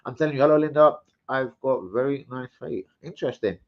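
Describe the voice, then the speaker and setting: A man hosting a casual live stream, swearing freely, rambling and giving loud shout-outs to chat. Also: mid-range voice, fairly quick. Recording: slightly muffled stream audio.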